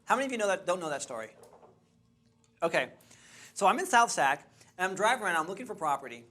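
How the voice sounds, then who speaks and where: A man's voice: sits high, fast. Chatty man teaching a class. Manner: animated, chatty, restarts and laughs. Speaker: real estate investing trainer. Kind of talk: lively storytelling to a class.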